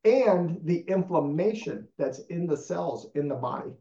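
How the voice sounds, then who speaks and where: A man's voice: on the high side, a little slow. Emphatic man in an echoey room. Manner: emphatic, animated. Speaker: guest. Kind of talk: enthusiastic storytelling in conversation. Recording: echoey, dull lo-fi sound.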